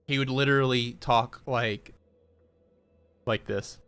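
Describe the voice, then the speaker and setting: A man's voice: mid-range voice, steady tone, slow, fairly bright tone, clear, resonant tone, soft background music. A man chatting casually while gaming on a stream, talkative and laughing often.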